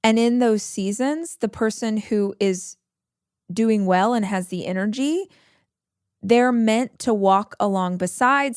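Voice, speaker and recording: Her mid-range voice is smooth as she hosts a podcast and delivers an advice monologue with earnest emphasis. She repeats her key phrases often, and the sound is dry and studio-clean.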